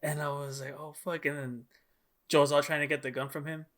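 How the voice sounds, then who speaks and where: A young man co-hosting a casual podcast about video games. He sounds excitable and slangy and swears freely. His voice sits a little high and has a bright, ringing edge. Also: a little fast. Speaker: podcast co-host. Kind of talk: casual chat.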